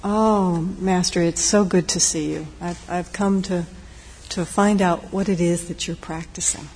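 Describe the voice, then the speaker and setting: A woman's voice: fairly low pitch, steady tone, measured pace, husky. A woman doing a sly teasing monk. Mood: reverent. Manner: conspiratorial, hushed teasing. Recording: long reverb, faint background noise.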